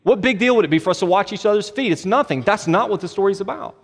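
Animated male pastor in a reverberant hall. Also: high-pitched, fast talker, slightly rough. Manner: animated, with rhetorical questions and joking asides. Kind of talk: sermon. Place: church sanctuary.

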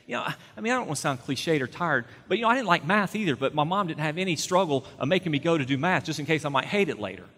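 A man's voice: on the high side, expressive, rapid-fire, few pauses, a bit bright. A middle-aged man preaching a sermon as a pastor, speaking conversationally, repeating words as he goes and building to emphatic points. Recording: long hall reverb.

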